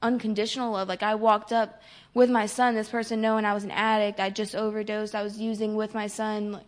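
A woman's voice: mid-range voice, little pitch movement, fairly quick. A young woman giving a casual personal testimony, full of "like" fillers, recounting conversations with others. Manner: casual, many "like" fillers, quotes others in dialogue. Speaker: recovery program resident.

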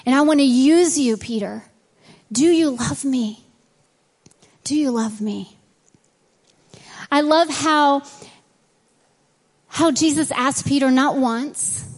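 High-voiced woman preaching in an echoey church. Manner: earnest and conversational, acting out quoted dialogue. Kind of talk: sermon with scripture reading and prayer. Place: church sanctuary.

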